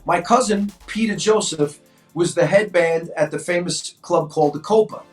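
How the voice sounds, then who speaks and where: A man in his sixties from New York, a co-host telling stories in an animated way and acting out voices in casual chat. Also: high voice, moderate pace, faint music behind. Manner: animated, acts out quoted voices. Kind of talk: casual storytelling. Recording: echoey room, mic at a distance.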